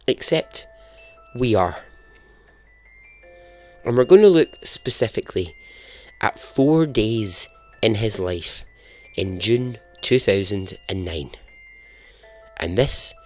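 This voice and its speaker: A man hosting a podcast, telling a true story in a chatty, self-deprecating way and chuckling at his own jokes. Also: fairly low pitch. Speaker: podcast host. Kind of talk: casual storytelling narration.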